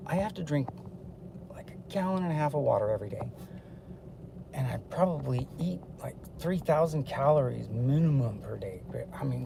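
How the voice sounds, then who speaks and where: A young man talking to his camera while riding in a car, rambling casually, excitable one moment and murmuring the next. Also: medium pitch, creaky, noisy background. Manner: excitable, jumps between topics, swings from loud to murmured. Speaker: vlogger. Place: inside a car.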